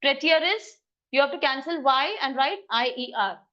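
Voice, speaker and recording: Brisk woman teacher. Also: sits high, highs cut off. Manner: brisk, coaxing, quizzes students. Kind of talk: classroom grammar lesson. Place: classroom.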